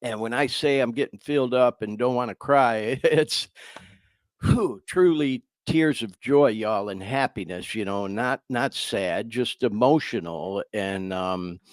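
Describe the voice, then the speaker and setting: Male podcast host, heartfelt and choking up, drawn-out delivery, dry close sound. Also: medium pitch, dry recording. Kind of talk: casual podcast talk.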